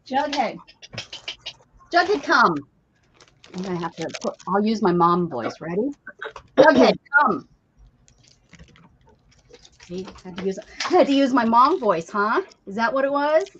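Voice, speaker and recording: A woman hosting a casual craft livestream, chatty and animated, greeting viewers by name. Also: on the high side, moderate pace, dull audio, slight background noise.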